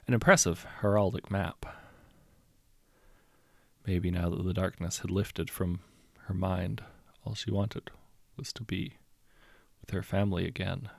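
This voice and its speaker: A man reading a short story aloud as narrator, in a measured, understated storytelling manner. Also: deep voice, steady tone, creaky, darkish tone, no echo. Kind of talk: scripted audiobook narration.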